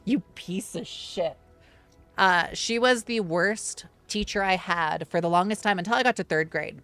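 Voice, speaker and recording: A man's voice: high voice, moderate pace, pushed and bright, clear, resonant tone, no room sound, soft background music. A man telling personal stories on a livestream in casual, rambling talk, swearing and filling his lines with fillers. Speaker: livestream storyteller. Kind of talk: casual storytime chat.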